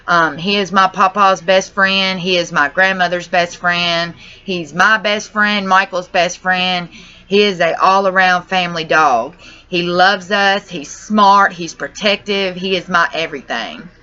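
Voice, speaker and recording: In an emotional personal vlog recorded on dull lo-fi audio, a young woman tells her channel about a family crisis, rambling and distressed, throwing in "y'all" and occasional cusses. Her lowish voice is pushed, bright, clear and resonant, steady in tone and a little slow.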